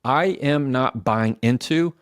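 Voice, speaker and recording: A man's voice: medium pitch, slow pace, no room sound, clean studio sound. Man giving direct coaching advice. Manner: direct, coaching, repeats example phrases aloud. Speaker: motivational speaker. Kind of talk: motivational advice talk.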